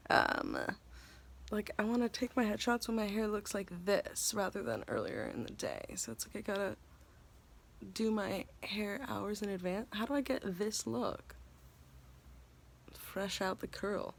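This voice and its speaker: A young woman chats straight to her camera, rambling and self-mocking in a giddy, scattered way. Her voice sits mid-range with a gravelly fry at the edges. She sounds tired and hungry at the end of a long day. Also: mid-range voice. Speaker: actress vlogger. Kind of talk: casual vlog chat.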